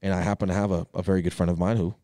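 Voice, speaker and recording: Male podcast co-host, 30s, rapid and energetic, cusses for emphasis, deep voice. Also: dry recording, studio quality. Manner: energetic, emphatic, swears freely. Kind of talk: casual podcast chat.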